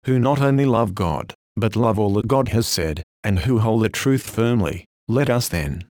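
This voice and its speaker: A man's voice: fairly low pitch, moderate pace, darkish tone. A man reading an old sermon aloud in an earnest, solemn, declamatory way. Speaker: preacher.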